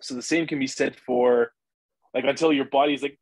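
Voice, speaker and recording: A man talking as a podcast guest, energetic and profane, acting out inner voices as he explains. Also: medium pitch, moderate pace, breathy edge, no echo, low-quality recording. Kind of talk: casual interview chat.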